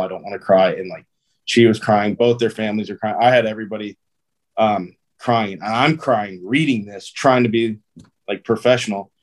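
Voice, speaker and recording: Chatty man with a low voice. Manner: loose and chatty, full of "um", "like" and "dude". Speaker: guest, pro baseball player. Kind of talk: casual interview storytelling.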